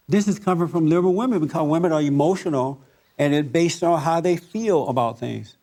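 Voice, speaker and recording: A man leads a group discussion in the manner of a preacher, pressing his points hard and repeating them for emphasis. His voice sits a bit higher than most men's. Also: brisk, mellow. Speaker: host.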